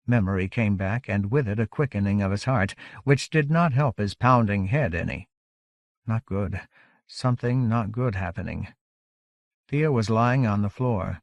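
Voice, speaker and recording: A man's voice: on the low side, dry recording. Man reading a novel aloud, dry. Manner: measured, steady reading. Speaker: audiobook narrator. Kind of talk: scripted narration.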